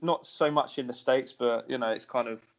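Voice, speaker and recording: A man from England hosting a podcast in relaxed, casual chat, often ending his lines with "man". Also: medium pitch, moderate pace. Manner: laid-back, says "man" a lot. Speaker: podcast host.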